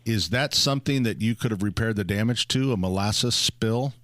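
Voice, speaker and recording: A man's voice: lowish voice, moderate pace, fairly bright tone, no room sound. Joking man hosting a radio show. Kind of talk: casual radio chat. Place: radio studio.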